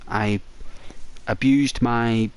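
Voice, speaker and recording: A man chatting casually during a break in his game stream, his throat dry and croaky, rambling and peppering his talk with "like". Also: mid-range voice, steady tone, extremely slow. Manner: rambling, full of "like".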